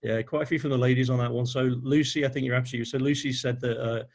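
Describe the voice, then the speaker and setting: Quick-talking male webinar host. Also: medium pitch. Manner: relaxed, friendly, reads viewer comments. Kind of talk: interview questions. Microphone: video call.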